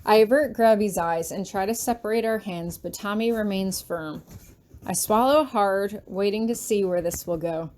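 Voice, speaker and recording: A woman reading a fan-written story aloud in the first person, steady and even with quiet tension. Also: mid-range voice, moderate pace. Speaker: fanfiction reader. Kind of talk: first-person audiobook narration.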